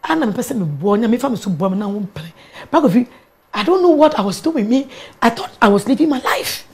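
A middle-aged Ghanaian woman, a pastor appearing as a guest, tells a personal testimony with animated storytelling and moves between English and Twi. Her voice is fairly high and she talks fast.

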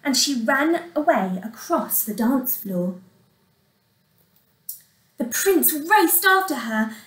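A woman teacher reading a storybook aloud to young children in an expressive way, sometimes asking them questions. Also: high-pitched, takes it slowly, roomy sound, distant mic, low-quality recording. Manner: expressive, asks the listeners questions. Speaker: primary school teacher.

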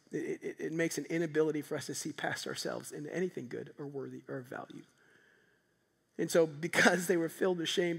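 A man preaching a sermon as pastor, animated, swinging from loud emphatic peaks to soft, quiet stretches. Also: a little high, creaky, breathy edge. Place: church sanctuary. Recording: long hall reverb.

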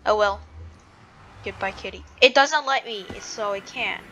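A woman chats her way through a block-building game, thinking aloud and interrupting herself. Her voice sits at an everyday middle pitch. Her words are peppered with "like". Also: a little slow, pushed and bright, highs cut off, a little hiss or hum. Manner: chatty, hedging with "like", self-interrupting. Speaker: gamer and video creator. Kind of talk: casual gameplay commentary.

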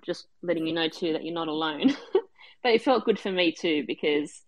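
A low-pitched woman tells personal stories to others on a group call. Her speech is hesitant and full of ums and restarts. The sound is dry and close. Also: moderate pace, no room sound, low-quality recording. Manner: hesitant, many fillers and restarts. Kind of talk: casual personal sharing.

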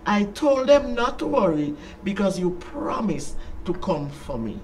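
A storyteller voicing a small trusting boy trapped in rubble, in a high, eager child's voice, recorded from a distance with faint ambience. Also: sing-song, unhurried, darkish tone, slight background noise.

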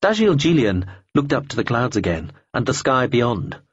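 Husky guy narrating an audiobook, steady pace, kinda muffled lo-fi sound. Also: medium pitch, no echo. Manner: measured, even reading with vivid description.

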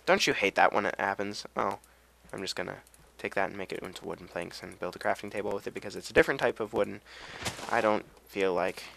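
A man's voice: fairly low pitch, fast talker, gravelly, fairly bright tone, slight background noise. A tired young man rambling through casual game commentary, with self-deprecating asides and a voice that cracks now and then. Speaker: let's play gamer.

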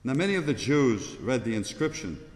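A man narrating the Passion in a steady, measured liturgical reading in a large church. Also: medium pitch. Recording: echoey church with long reverb.

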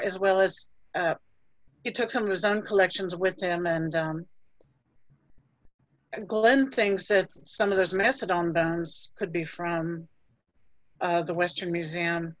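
A woman's voice: medium pitch, fairly bright tone, no echo. A woman presents library resources on a museum livestream, friendly and chatty. Her voice comes through dull and muffled, in a dry setting with no room sound. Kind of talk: presenting a talk, then casual discussion.

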